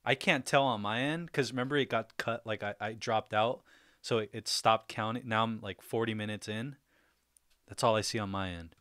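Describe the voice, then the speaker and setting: A man's voice: mid-range voice, sharp tone, no room sound, studio quality. A man hosting a casual livestream, talking easily with viewers, laughing often and speaking loosely with fillers and restarts. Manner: laughs often, easygoing and upbeat. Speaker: livestream host.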